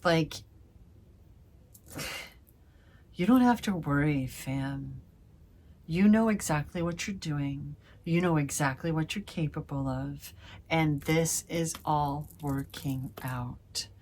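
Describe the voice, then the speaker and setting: A woman's voice: sits low, slow pace, long pauses, darkish tone. A woman giving a casual tarot reading to her viewers, gushing and effusive, calling them fam and swearing playfully. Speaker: tarot reader.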